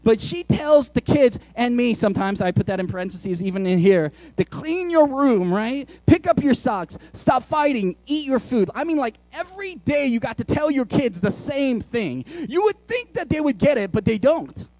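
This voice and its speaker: A man, a pastor, preaching a sermon in an animated, conversational way with playful asides. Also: very high voice, moderate pace, hardly any pauses, dry recording.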